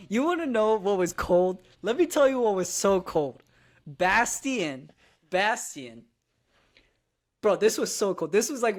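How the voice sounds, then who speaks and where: A woman co-hosting a podcast in casual chat, excitable and laughing as she recaps a show. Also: medium pitch. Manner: excitable, laughing, lots of "bro". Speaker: podcast co-host.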